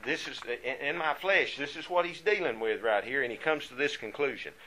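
A man of middle pitch leads a Bible study class. He talks in an earnest, conversational way and leans harder into the verses he reads aloud. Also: fairly quick, sharp tone, rough recording. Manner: earnest, rises in volume when reading scripture.

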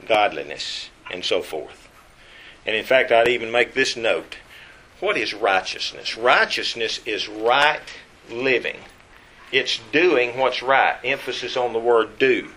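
A man preaching a Bible lesson, emphatic and slowing down to stress key words. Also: mid-range voice, pushed and bright, slight background noise.

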